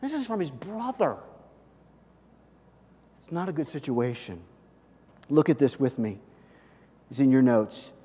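A man's voice: medium pitch, expressive, a little slow, long pauses, warm tone, husky, big-room sound. Predikende man met lange galm in een zaal. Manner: conversational preaching, often asking "okay?". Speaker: pastor. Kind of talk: sermon.

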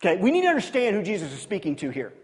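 A man preaching a sermon as pastor, telling stories with animated swings from hushed to loud. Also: high voice, rapid-fire, long reverb tail.

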